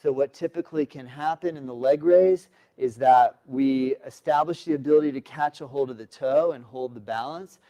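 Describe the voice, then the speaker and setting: A man with a mellow, darker voice talks a class through a balance pose, one step at a time. His coaching is calm and patient, built on short instructions. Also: medium pitch, moderate pace, hardly any pauses, poor audio. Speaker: yoga teacher. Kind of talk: instructional yoga demonstration.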